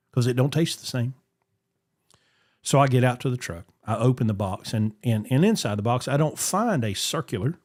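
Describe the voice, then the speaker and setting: A man, hosting a podcast and telling a story in casual chat, acting out the voices he quotes. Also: medium pitch. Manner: animated, acts out quoted voices. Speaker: podcast host.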